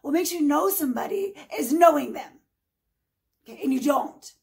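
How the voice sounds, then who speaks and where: A woman in her forties with a high voice that keeps dropping into a gravelly fry. She rants on her own vlog in an emphatic, sarcastic way, talking straight at her critics. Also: lively intonation, normal speed, darkish tone, low-quality recording. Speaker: vlogger. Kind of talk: heated casual vlog rant.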